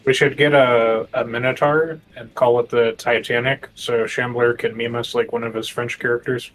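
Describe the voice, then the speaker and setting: A man playing in a tabletop game, making jokes in a dry, flat delivery. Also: medium pitch, normal speed, faint music behind, poor audio. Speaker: player. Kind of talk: casual tabletop game chat.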